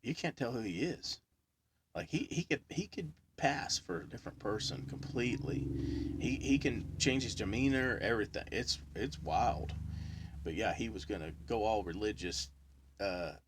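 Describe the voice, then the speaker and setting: Here a middle-aged co-host spins rambling stories for a podcast, full of laughter and performed quotes, with close, dry sound. His voice sits on the low side and is animated at a moderate pace, though there's noise in the background.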